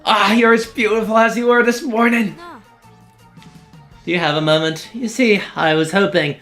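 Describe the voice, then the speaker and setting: A man's voice: high-pitched, steady tone, moderate pace, a bit bright, soft background music, voice pushed up. A man voicing a giddy, hyperexcited young female superfan with a gushing, squealing delivery.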